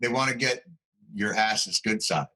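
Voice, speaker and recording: Wry middle-aged man, low bright voice. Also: poor audio. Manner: wry, quick comic riffs. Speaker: guest. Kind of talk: casual talk-show banter.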